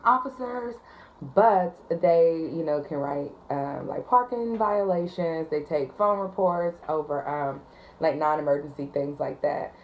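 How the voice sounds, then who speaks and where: Low-pitched female dispatcher, chatty storyteller, loose and conversational, lots of filler words. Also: muffled recording. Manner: chatty, frequent ums and likes, laughs at her story. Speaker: 911 call taker and dispatcher. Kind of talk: casual storytime vlog.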